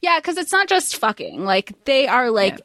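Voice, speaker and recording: Podcast cohost woman, pitch jumps all over, dry close sound. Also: no room sound. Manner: animated, exasperated asides and quick reactions. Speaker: podcast co-host. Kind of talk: casual book discussion.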